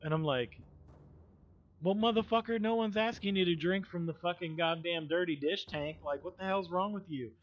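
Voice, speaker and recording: A man's voice: high-pitched, normal speed, lo-fi sound. A man hosting a livestream, telling stories in a rambling, profane, casual way with laughing asides. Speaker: livestream host. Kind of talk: casual storytelling chat.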